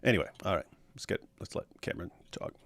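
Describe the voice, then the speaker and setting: A man's voice: fast, fairly bright tone, dry recording. A man co-hosting a reaction stream, making teasing, sarcastic remarks in casual commentary.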